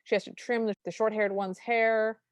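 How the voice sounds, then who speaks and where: A woman's voice: on the high side, flat delivery, normal speed, smooth, dry recording. A woman co-hosting a podcast, chattily recapping a film and quoting its lines. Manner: chatty, recounting plot with quoted lines. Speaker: podcast co-host. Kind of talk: casual recap chat.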